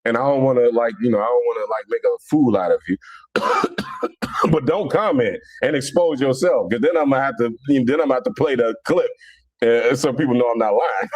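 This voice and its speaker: A man from Cincinnati with a Southern-leaning accent, talking in a casual, animated monologue full of stammered restarts. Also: mid-range voice, normal speed, husky. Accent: Cincinnati, Southern-leaning American. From Cincinnati, Ohio, USA. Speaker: Islamic commentator.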